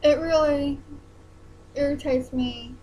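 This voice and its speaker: Young gal vlogging, high voice, slow hesitant talk, choking up a bit. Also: female voice, fairly even intonation, mellow, a little hiss or hum, rough recording. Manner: hesitant, halting, many ums and restarts. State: close to tears. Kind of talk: emotional personal vlog.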